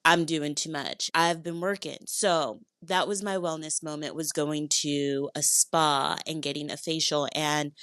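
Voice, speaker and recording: A woman hosting a podcast in a casual, chatty monologue from a hotel bedroom, playful and upbeat with sudden leaps in pitch. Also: fairly even intonation, unhurried, few pauses, fairly bright tone, no echo, clean studio sound. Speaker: podcast host.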